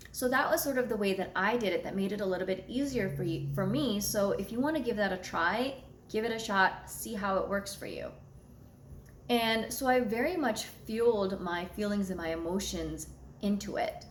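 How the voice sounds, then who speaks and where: A woman's voice: mid-range voice, moderate pace, roomy sound, a little hiss or hum. A young adult woman astrologer telling a personal story to her viewers in a candid, blunt way, swearing freely. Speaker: astrologer and channel host.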